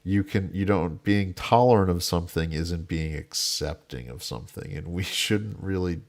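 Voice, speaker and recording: Deep-voiced man hosting a panel chat. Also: moderate pace, creaky. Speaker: host. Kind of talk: casual political panel chat.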